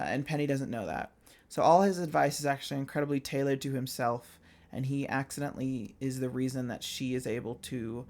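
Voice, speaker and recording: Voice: medium pitch, a little mellow. A casual video essayist talking at length, chatty and blunt, full of "like" and "um" fillers and the occasional swear. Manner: chatty and filler-heavy, with frequent "like" and "um". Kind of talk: casual commentary monologue.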